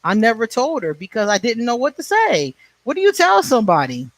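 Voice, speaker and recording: Man, forties, high voice, blunt, profane, laughs a lot, casual livestream chat, dry sound. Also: sing-song, brisk, fairly bright tone, dry recording. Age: 40s. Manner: answers viewer comments by name. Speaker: livestream host.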